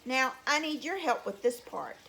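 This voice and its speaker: A woman telling a folk tale to young children at story time, in a slow, sing-song, animated way. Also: sits high, creaky, slight background noise. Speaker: teacher reading to children.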